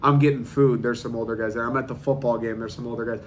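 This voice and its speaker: Man, podcast host, comic monologue, incredulous rant, middle pitch, casual slang. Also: fast talker, a little hiss or hum. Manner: animated incredulous ranting, casual swearing and slang.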